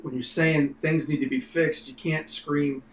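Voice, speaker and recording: A man's voice: on the high side, fairly even intonation, unhurried. Rambling man in a roomy space. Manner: rambling, leans on "you know". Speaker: livestream co-host. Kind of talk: casual political discussion. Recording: roomy with faint noise.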